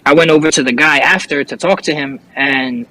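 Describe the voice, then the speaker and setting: A man's voice: fairly high pitch, brisk, bright, forceful tone, low-quality recording. A young man, a rapper telling a story as an interview guest in casual chat, cursing often and restarting his sentences. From New York.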